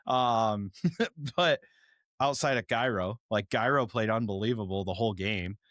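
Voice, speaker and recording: A man's voice: fairly low pitch, measured pace, fairly bright tone, no echo, studio quality. A man co-hosting a hockey podcast, talking casually and rambling with lots of "like" and frequent laughs. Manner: rambling, heavy use of "like", laughs often. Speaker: podcast co-host. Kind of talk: casual sports chat.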